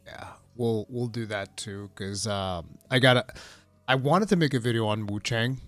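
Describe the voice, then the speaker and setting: Reading his chat aloud and rambling over gaming news, this live-stream host speaks in a lower register at a moderate pace. The recording is dry with soft music behind him, and he erupts now and then in laughing excitement.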